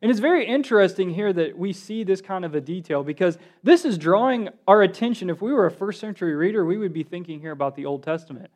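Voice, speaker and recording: Guy preaching a sermon, kinda high voice, keeps asking the room questions, acts out the quotes. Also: fast talker, few pauses. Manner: animated, asks the congregation questions, acts out quotes.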